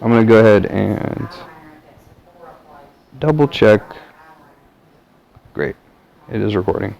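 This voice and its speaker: A man's voice: fairly low pitch, slow, gravelly, darkish tone, lo-fi sound. A man from the American South talking to camera in a rambling, casual monologue full of fillers and restarts. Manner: meandering, many fillers and restarts. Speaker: vlogger.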